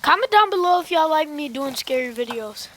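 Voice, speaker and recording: A woman hosts a reaction video, chatting casually to her viewers and reacting with exclamations. Her voice is high, and faint hiss sits under it. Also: animated, a little fast, fairly bright tone. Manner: loose, exclamatory commentary to viewers.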